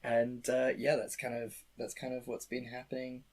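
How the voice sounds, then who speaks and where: A young man co-hosting a podcast, chatty and excitable with lots of fillers. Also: mid-range voice, moderate pace. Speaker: podcast co-host. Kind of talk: casual chat.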